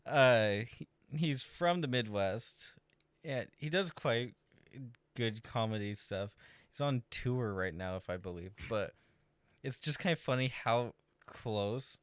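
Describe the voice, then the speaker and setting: A man's voice: medium pitch, lively intonation, slow, clear, resonant tone, no echo. A man chatting on a podcast, telling family stories and chuckling through his own jokes. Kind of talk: casual chat.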